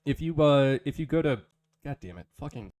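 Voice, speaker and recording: A man hosting a casual podcast, talking in halting bursts with many restarts and fillers, reading an ad in a joking tone. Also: mid-range voice, expressive, darkish tone. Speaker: podcast host.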